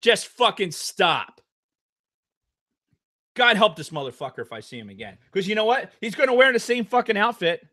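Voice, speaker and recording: Angry podcast co-host, non-stop profane rant, high and lively delivery. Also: male voice, moderate pace. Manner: heated, profanity-laden ranting. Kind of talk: casual podcast chat.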